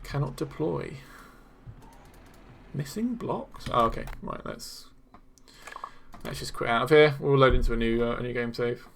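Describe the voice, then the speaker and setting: A young man hosting a live developer stream, reacting excitedly to community builds while he plays and talks to chat. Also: mid-range voice, measured pace, vocal fry, long pauses, slight background noise.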